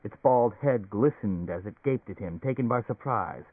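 A man narrates an audiobook in a measured, steady way. His voice sits on the low side. The sound is dry and narrow, like it comes over a phone. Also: slightly rough, dry recording.

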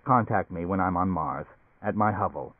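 A man voicing a brooding, defeated middle-aged man in an audiobook, speaking low and subdued. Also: moderate pace, dry recording. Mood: glum. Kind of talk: audiobook character voice. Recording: tinny narrow-band recording, dry.

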